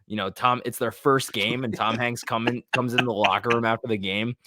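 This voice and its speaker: A man's voice: mid-range voice, brisk, slight background noise. A man who is a guest on a podcast, chatting casually and telling stories with enthusiasm. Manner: enthusiastic, animated storyteller.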